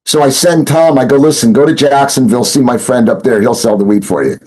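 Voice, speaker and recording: A man talking in a loose, rambling way, full of restarts and fillers. His voice sits at an ordinary pitch, and he slips into other people's lines as he tells his story. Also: fairly quick, mellow, low-quality recording. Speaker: interview guest, former smuggler turned informant. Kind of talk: casual storytelling interview.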